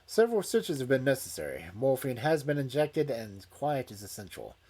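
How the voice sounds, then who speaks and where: A man's voice: mid-range voice, very animated, moderate pace, darkish tone. A man voicing a composed male surgeon who gives a clipped medical report. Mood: brisk.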